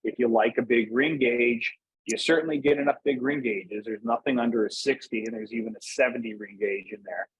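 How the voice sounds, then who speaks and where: Pennsylvania-raised guy, husky voice, rambling easygoing interview chat. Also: medium pitch, fairly even intonation, fairly quick, lo-fi sound. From Northeast Pennsylvania, USA. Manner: easygoing, rambling, lots of "like" and restarts. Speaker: guest, cigar brand manager.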